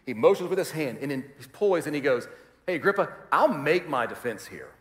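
A man preaching a sermon as pastor, animated and acting out quoted voices, swinging from loud to quiet. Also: fairly high pitch, fairly quick. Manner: animated, acts out quoted voices, varies volume widely. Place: large church hall. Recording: roomy hall reverb.

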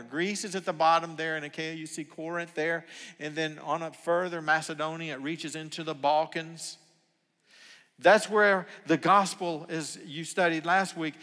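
Older guy preaching, bright ringing voice, earnest, goes soft then loud, big church echo. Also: fairly high pitch. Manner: earnest, swings from hushed to emphatic. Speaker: pastor. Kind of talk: sermon. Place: church sanctuary. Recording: long hall reverb.

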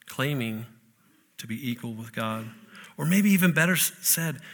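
Man, pastor, sermon, storytelling, rhetorical questions, very bright tone. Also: a little high, unhurried.

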